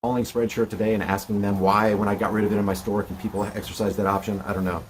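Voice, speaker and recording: A man's voice: lowish voice, flat delivery, fast, slight background noise. A man in a played video clip, talking earnestly and justifying himself to his viewers. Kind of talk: monologue to camera in a played clip.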